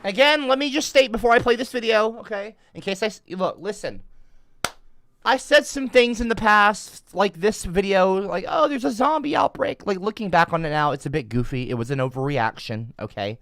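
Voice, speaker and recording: A man's voice: high-pitched, normal speed, a bit bright, dry recording. A man livestreaming, rambling defensively and swearing often. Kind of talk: casual livestream rant.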